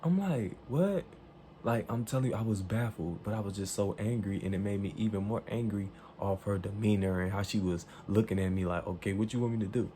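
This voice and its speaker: A man with a low, warm, mellow voice tells a story in an animated and emphatic way. He swears freely and acts out the lines people said. A faint hiss sits behind him. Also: a little fast, few pauses. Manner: profane, emphatic, acts out quoted dialogue.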